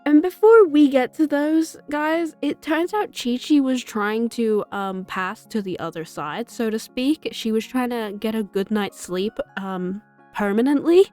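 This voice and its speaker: A chatty young woman recaps a game's story in a casual, animated way, laughing often at her own jokes. Her voice sits a little high, with faint music playing underneath. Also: measured pace. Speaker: gaming video host.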